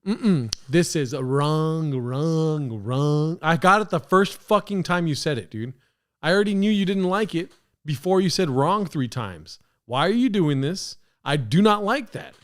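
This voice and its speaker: Animated, high-voiced young man ranting. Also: moderate pace. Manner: animated, profane, ranting with mock outrage. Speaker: podcast host. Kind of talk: casual reaction commentary.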